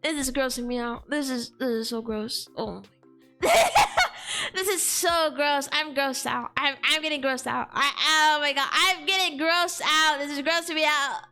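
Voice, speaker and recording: A woman's voice: high voice, normal speed, sharp tone, faint music behind. A woman streamer in casual chat, slangy and exclaiming, heavy on fillers like "like" and "dude".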